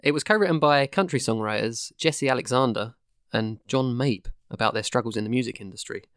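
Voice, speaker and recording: Chatty podcast host, dry mic. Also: male voice, mid-range voice, brisk, fairly bright tone, smooth, no room sound. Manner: laughs often, chatty and explanatory. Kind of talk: casual podcast chat.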